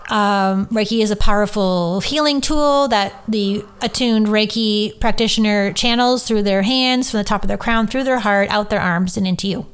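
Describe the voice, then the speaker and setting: Podcast host, female, smooth voice, mid pitch; candid, emotional storytelling, fighting back tears, salty language. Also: moderate pace, few pauses. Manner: candid and emotional, swears freely. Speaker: podcast host and Reiki teacher. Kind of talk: personal storytelling monologue.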